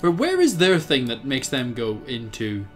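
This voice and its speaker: A young Irish man giving casual let's-play commentary, thinking aloud, chatty and laughing often, with sudden bursts of excitement. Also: mid-range voice, moderate pace, soft background music. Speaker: game commentator.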